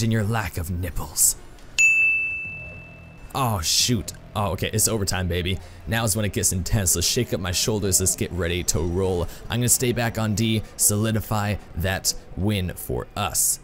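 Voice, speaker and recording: A man doing excitable, self-mocking live commentary while playing a video game, full of exclamations. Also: sits low, normal speed, a little hiss or hum. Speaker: gaming YouTuber.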